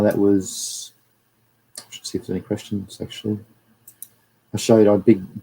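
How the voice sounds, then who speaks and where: A man's voice: lowish voice, dark tone, poor audio. An Australian man hosting a livestream and giving a casual, rambling talk over slides while greeting viewers. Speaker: livestream host.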